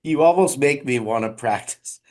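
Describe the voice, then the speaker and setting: A woman hosting a podcast, chatting casually with halting, short replies. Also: extremely low pitch, lively intonation, darkish tone. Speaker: podcast host. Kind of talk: casual interview chat.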